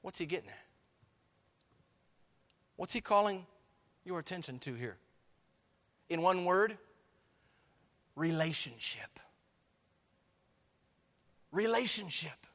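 A man preaching a sermon to his church, emphatic, swinging from soft to loud. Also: high voice, expressive, measured pace, pauses often, in a large hall. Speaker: pastor. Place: church sanctuary.

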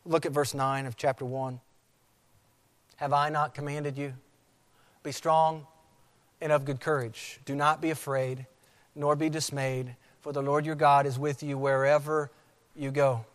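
A man preaching a sermon as pastor, with emphatic delivery that slows to repeat key phrases. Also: on the high side, little pitch movement. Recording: long hall reverb.

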